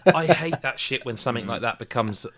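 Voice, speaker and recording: A man co-hosting a podcast in casual chat, animated and swinging between enthusiasm and mock outrage. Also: medium pitch, a little fast, crowd noise. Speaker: podcast co-host.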